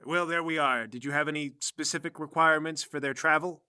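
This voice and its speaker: A man's voice: a little high, steady tone, brisk, sharp tone, smooth, no echo, clean studio sound. A man voicing a stern, officious female prison warden who speaks in a formal, fawning manner, in a tabletop game.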